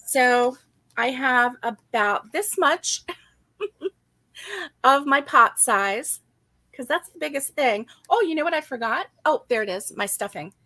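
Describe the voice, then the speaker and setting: A woman's voice: sits high, lively intonation, takes it slowly, pushed and bright, no room sound. A woman co-hosting a casual crochet-along, chatty and giggly as she greets viewers by name. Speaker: crochet co-host.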